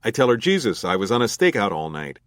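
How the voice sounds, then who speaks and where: A sardonic, dogged middle-aged FBI agent from a crime audiobook, flat and world-weary in his delivery, voiced by a man. The voice is low and recorded dry and close. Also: fast talker, no room sound.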